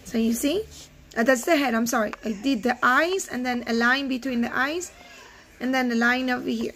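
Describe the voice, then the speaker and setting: A woman teaching first graders a reading lesson, asking questions gently and switching into Spanish now and then. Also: fairly high pitch, moderate pace, a little hiss or hum. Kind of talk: remote reading lesson for children.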